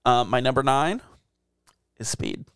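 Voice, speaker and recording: A man's voice: mid-range voice, a little slow, fairly bright tone, clean tone, dry recording, studio quality. Rambling, crude podcast co-host man. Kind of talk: casual movie-talk chat.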